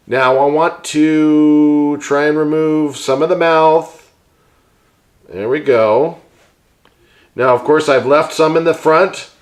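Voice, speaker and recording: A man hosting a hands-on craft tutorial, chatting and explaining each step while he works with his hands. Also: fairly high pitch. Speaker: host and puppet maker.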